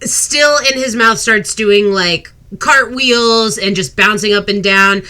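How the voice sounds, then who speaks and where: Slow, bright-voiced woman game master. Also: medium pitch. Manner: halting, lots of fillers. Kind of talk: narrating a tabletop game.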